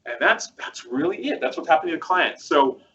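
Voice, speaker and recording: Chatty male presenter, bright forceful tone, rambling filler-heavy delivery; dull lo-fi audio. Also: on the high side, big pitch swings, brisk. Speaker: co-host presenting a product demo. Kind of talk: casual webcast chat.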